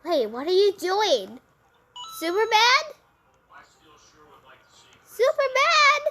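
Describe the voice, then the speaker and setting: A young woman commentating her gameplay aloud, excitable, squealing and giggling at every surprise and narrating each event as it happens. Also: very high voice, slow pace, slight background noise. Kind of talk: excited let's-play commentary.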